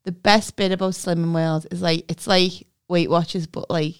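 A middle-aged woman with a Scouse accent, co-hosting a casual comedic chat and telling stories with lively impressions. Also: lowish voice, moderate pace, smooth. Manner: storytelling, mimics people, swears. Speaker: podcast co-host.

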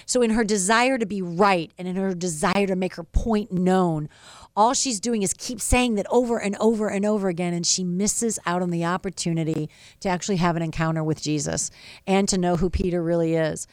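A woman, a regular contributor, giving an expressive, reflective devotional talk on radio. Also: lowish voice, fairly quick, no room sound, clean studio sound.

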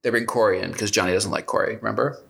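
Gravelly-voiced man rambling through a recap. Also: fairly low pitch, fairly even intonation, very fast, a bit bright. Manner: rambling, self-correcting, wry. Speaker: podcast co-host. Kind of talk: casual recap chat.

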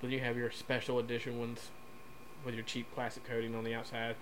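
A man's voice: medium pitch, completely flat delivery, fairly quick, a little hiss or hum, poor audio. A man co-hosting a casual podcast, blunt and joking, swearing often. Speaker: podcast co-host.

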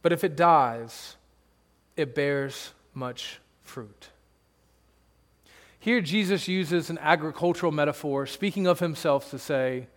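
A man's voice: high voice, measured pace, big-room sound. A man pastor preaching a sermon, conversational and emphatic, with rhetorical questions to the congregation.

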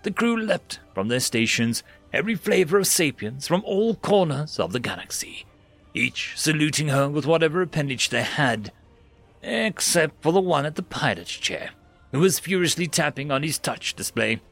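A man's voice: on the high side, normal speed, gravelly. A man narrating a science fiction story dramatically, rising and dropping his voice for effect. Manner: expressive, rises and drops for drama.

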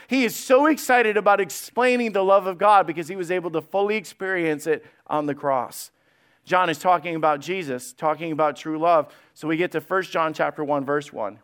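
A male pastor delivers a sermon to his church, quoting scripture and building into excited, passionate retellings. His voice sits high for a man. It rings smooth and clear. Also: fairly quick.

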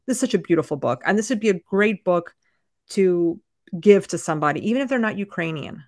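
A woman's voice: fairly low pitch, brisk, no room sound. Woman, podcast co-host, casual book chat, emphatic, dry recording. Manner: animated, emphatic, chatty.

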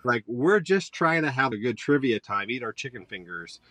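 A man in his thirties, a high school teacher, guest on a podcast, talking casually and opinionated, drifting onto tangents. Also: big pitch swings, moderate pace, pushed and bright, no echo. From Georgia, US. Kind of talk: casual conversation.

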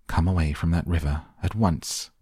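A man voicing a fussy, hysterical middle-aged mother in a storybook reading, with a shrill, nagging delivery. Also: fairly even intonation, moderate pace, mellow, slightly rough, no echo, clean studio sound. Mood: shrieking.

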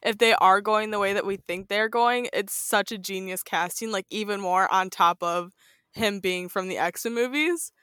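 A woman's voice: medium pitch, normal speed, pushed and bright, smooth, no echo, clean studio sound. Giggly woman gushing on a podcast. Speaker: podcast co-host. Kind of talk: casual chat.

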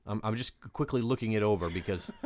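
A man's voice: on the low side, fast, darkish tone, no room sound. A man co-hosting a podcast, chatting casually and joking, with many fillers. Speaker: podcast co-host. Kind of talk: casual chat.

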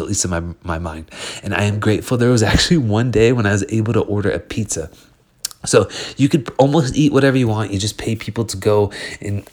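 A man with a slightly low voice talks alone into a close podcast mic. His delivery is earnest and motivational, loose and conversational, with fillers and restarts. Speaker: podcast host. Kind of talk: casual monologue.

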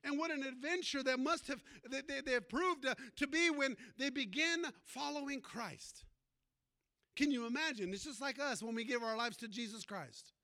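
A man's voice: very high-pitched, normal speed, sharp tone. A man who is a pastor, preaching a sermon in a folksy storytelling way and calling out to the congregation.

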